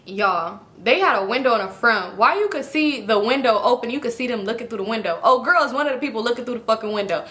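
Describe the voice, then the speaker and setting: A woman with a bright, slightly high voice recounts a personal story for her vlog. She talks casually and candidly, with plenty of swearing and animated asides to her viewers. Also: quick pace, hardly any pauses. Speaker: vlogger.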